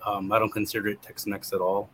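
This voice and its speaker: A man's voice: lowish voice, level tone, fast, a bit bright, a little hiss or hum, low-quality recording. A man from South Texas speaking casually as a chef guest, hesitant and full of fillers. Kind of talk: conversational interview.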